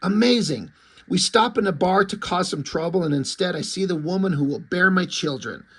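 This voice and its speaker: A man's voice: sits high, expressive, moderate pace, fairly bright tone, slightly rough, full character voice. A man reading the lines of crude male demon minions, fawning and lovestruck. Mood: awed.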